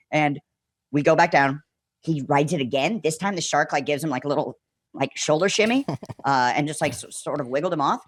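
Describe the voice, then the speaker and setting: A man telling a story as a podcast guest in a casual, animated way, filling his speech with "like" and acting out what people said. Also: on the high side, brisk, no echo. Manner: animated, full of "like" and acted-out quotes.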